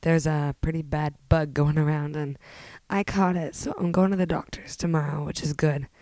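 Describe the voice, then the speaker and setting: A woman hosting her own podcast in casual chat, hoarse from a cold, talking in a rambling way with halting fillers. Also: deep voice, steady tone, warm tone, no echo. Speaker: podcast host.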